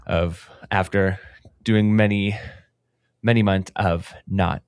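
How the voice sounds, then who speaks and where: A man's voice: low-pitched, steady tone, slow, darkish tone, clear, resonant tone, no room sound, clean studio sound. A man co-hosting a running podcast, chatting casually and rambling with lots of fillers. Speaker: podcast co-host. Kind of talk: casual chat.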